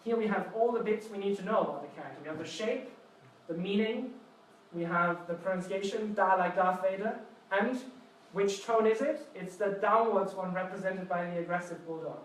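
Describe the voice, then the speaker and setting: A man's voice: high voice, moderate pace. A man giving a live seminar, explaining through playful mnemonic stories and quizzing the audience. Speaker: seminar presenter. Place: university seminar room. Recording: echoey lecture room from far off, faint noise.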